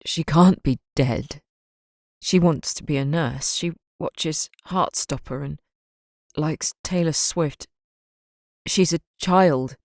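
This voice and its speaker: Dad in shock, read by a woman, halting, slow, dry audiobook read. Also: fairly low pitch, dry recording. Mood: distraught. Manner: halting, stammering, broken speech. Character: grief-stricken father in his forties, dazed and shaken.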